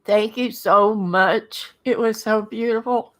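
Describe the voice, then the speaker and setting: An older woman speaks slowly and softly in a casual livestream chat. Her voice sits a little high and sounds tearful. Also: steady tone.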